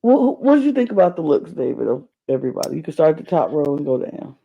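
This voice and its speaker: A man's voice: a little high, sing-song, fast talker, vocal fry, warm tone. A man co-hosting a podcast, chatting casually and rambling about a reality show with lots of fillers and restarts. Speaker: podcast co-host. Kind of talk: casual reality-TV recap chat. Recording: dull lo-fi podcast audio.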